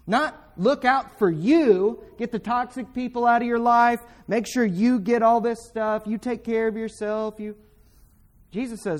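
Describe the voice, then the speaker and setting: Fervent preacher man, sharp bursts. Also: high voice, lively intonation, moderate pace. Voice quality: pointed, direct address to listeners. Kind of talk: sermon.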